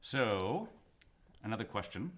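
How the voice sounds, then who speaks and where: A man co-hosting a live tech Q&A, reading out viewer questions with dry, deadpan asides. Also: on the low side, takes it slowly. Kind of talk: live Q&A stream.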